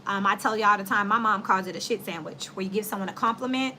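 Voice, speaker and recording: A woman's voice: medium pitch, quick pace, pushed and bright, a little hiss or hum. A woman with children doing a casual tarot reading for her viewers, talking bluntly and animatedly in slang and laughing often. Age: adult with children. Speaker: tarot reader.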